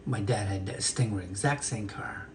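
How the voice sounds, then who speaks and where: Gravelly man rambling from afar. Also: fairly low pitch, normal speed. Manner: rambling, many fillers and restarts. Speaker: flute player and actor. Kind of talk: casual storytelling to camera. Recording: distant mic with noisy ambience.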